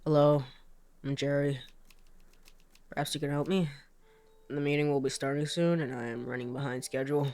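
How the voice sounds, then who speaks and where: A woman who is sick voices a stiff, literal-minded businessman who talks in flat, formal phrases. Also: low-pitched, moderate pace, pauses often, no echo, voice pushed down, natural voice.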